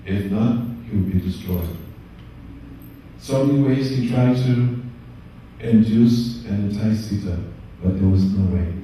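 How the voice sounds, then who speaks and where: Brief: male spiritual teacher, devotional storytelling, low mellow voice, faint background ambience. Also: a little slow, a little hiss or hum. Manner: calm, rhythmic storytelling in short phrases. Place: yoga studio opening. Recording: echoey room, distant mic, faint ambience.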